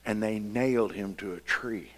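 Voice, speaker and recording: A man preaching a sermon, swinging between quiet, conversational passages and loud, impassioned outbursts. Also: lowish voice, moderate pace. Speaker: pastor.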